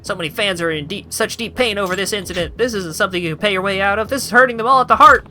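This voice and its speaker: A man voicing a pushy reporter in a high, bright voice, firing accusing questions while reading game dialogue aloud. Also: very fast, soft background music. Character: pushy reporter grilling a celebrity.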